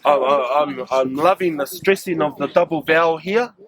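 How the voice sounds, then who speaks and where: A man's voice: a little high, normal speed, a crowd in the background. A man with a New Zealand accent guiding a staff group, telling them about local sites and often asking them questions. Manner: engaging, asks the group questions. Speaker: cultural guide leading staff. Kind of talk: outdoor cultural site talk to a group.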